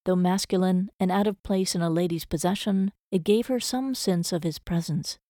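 A woman reads a story as an audiobook in a measured, even manner. Her voice is low and mellow, and the recording is dry and close. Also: no echo. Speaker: narrator. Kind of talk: audiobook narration.

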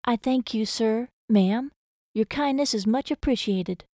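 A woman's voice: fairly high pitch, measured pace, warm tone, no room sound, clean studio sound, pitched above the performer's own voice. A woman voicing a prim young schoolteacher who speaks in formal, genteel phrases. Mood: tearful.

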